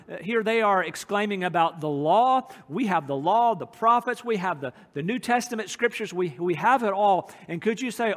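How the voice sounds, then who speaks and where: A pastor preaching a sermon in a church, earnest and emphatic, slowing his phrases to stress key points. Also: high voice, fairly bright tone. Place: church sanctuary. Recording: long hall reverb.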